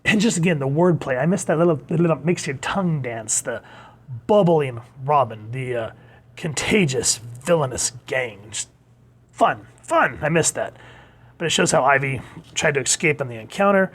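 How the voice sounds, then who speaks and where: A man with a slightly higher-than-usual voice chats through a comic book review. He is enthusiastic and loose, sometimes slipping into playful voices as he reads lines aloud. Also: animated, normal speed, breathy edge. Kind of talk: casual review monologue.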